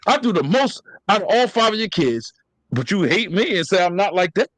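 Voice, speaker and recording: A man's voice: high voice, big pitch swings, brisk, fairly bright tone, no echo. A man on a podcast talking openly and emotionally, swearing often and cutting in on others. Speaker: podcast co-host. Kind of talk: candid podcast chat.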